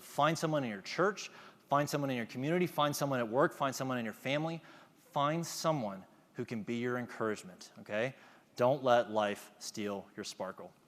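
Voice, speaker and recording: A man's voice: medium pitch, big-room sound. A man giving a motivational talk to an audience, engaging them with questions. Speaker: conference speaker.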